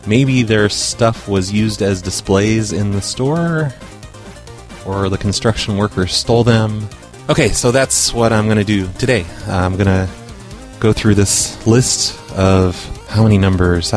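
A man hosting a prank call radio show, brash and profane, talking casually and posing as an official on calls. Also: lowish voice.

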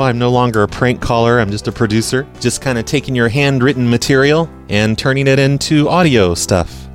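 Rambling chatty man hosting a prank-call show. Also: medium pitch. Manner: rambling, chatty, many fillers. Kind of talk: casual podcast monologue and prank calls.

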